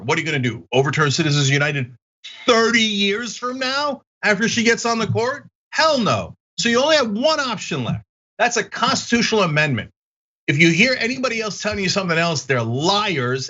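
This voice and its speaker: A man in a heated political commentary, combative and mocking. His voice is bright and forceful, sitting a little high for a man. The sound is slightly dull and lo-fi.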